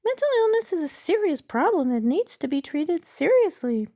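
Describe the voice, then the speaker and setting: A woman in her sixties voicing an evasive AI chatbot in a bright, sing-song reading voice. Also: very high voice, very animated, moderate pace, voice pushed up, heavily acted. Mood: chirpy.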